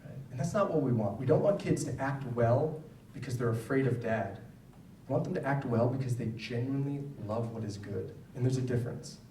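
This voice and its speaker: Male speaker giving a talk to parents, mellow voice, roomy distant hall sound, casual check-ins with the crowd. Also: mid-range voice, a little fast, slight background noise. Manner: conversational, frequent "right?" check-ins. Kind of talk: lecture to an audience. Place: school hall with an audience. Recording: echoey hall, voice from far off.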